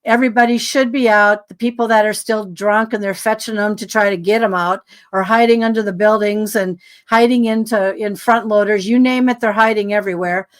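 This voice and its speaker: A woman, a podcast guest, telling a long story in a rambling, animated way with many asides. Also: medium pitch, brisk, hardly any pauses.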